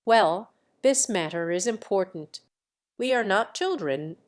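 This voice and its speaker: A woman's voice: mid-range voice, lively intonation, measured pace, close to an everyday voice. A woman voicing a proud young woman who speaks in a composed, coolly businesslike way.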